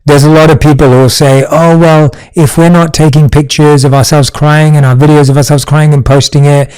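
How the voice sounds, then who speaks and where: Calm man hosting an interview. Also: on the high side, fairly quick, clean tone, poor audio. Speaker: podcast host.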